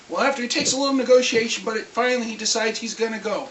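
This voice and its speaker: A vlogger getting over a cold, clearing the throat, telling a rambling, lively story about a tabletop game in a casual rant. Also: mid-range voice, quick pace, few pauses. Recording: echoey room, far from mic, faint hiss.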